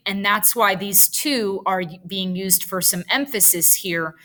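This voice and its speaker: A woman teaching a writing lesson, thinking aloud as she slowly drafts a paragraph sentence by sentence. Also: mid-range voice, sharp tone, rough recording.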